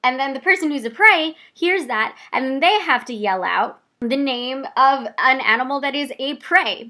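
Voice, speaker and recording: Chatty young woman with a higher voice. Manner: chatty and animated, with quick asides. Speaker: vlogger. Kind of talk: casual personal storytelling to camera.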